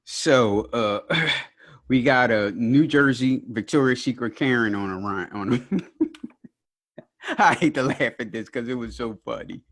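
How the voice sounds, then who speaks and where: A man's voice: mid-range voice, measured pace, fairly bright tone. A man co-hosting a podcast, chatting casually and chuckling as he jokes his way through his commentary. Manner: laid-back, chuckling, joking commentary. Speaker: podcast co-host. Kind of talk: casual chat.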